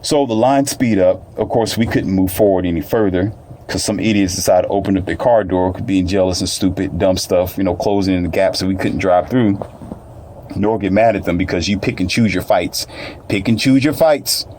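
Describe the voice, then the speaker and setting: A man's voice: deep voice, normal speed, a little mellow, slight background noise. A man telling a personal story in casual, colloquial speech, repeating phrases and addressing listeners directly.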